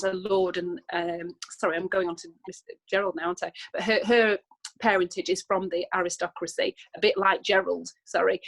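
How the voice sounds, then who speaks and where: A British woman, an English teacher, explaining a play in a relaxed lesson with many ums and self-corrections. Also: fairly low pitch, low-quality recording. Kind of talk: recorded online lesson discussion.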